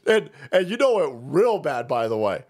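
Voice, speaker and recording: A man's voice: fairly high pitch, sing-song, normal speed, a little mellow. A man hosting a livestream, ranting in a casual, profane and sarcastic way and laughing often. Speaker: livestream host. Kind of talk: casual political rant.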